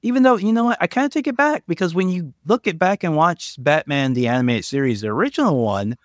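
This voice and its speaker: A man's voice: on the high side, animated, fast talker, no echo, clean studio sound. A man co-hosting a casual discussion, talking conversationally with hedges, fillers and asides.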